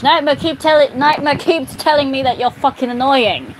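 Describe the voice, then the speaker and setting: Reading fan fiction out loud, this female video creator chats informally, laughs constantly, and mutters exasperated comments under her breath. She speaks high-pitched at a moderate pace, barely pausing, over clear background noise.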